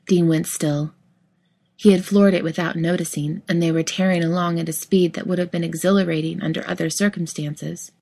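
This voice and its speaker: A woman narrating a work of fiction in a steady, even reading voice. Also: on the low side, fairly quick, gravelly.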